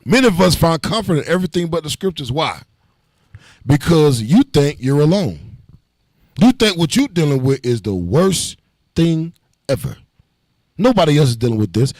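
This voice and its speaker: A man teaching a Bible class, preaching with call and response and a joking, blunt, animated manner. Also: a little high, normal speed, long pauses, dry recording.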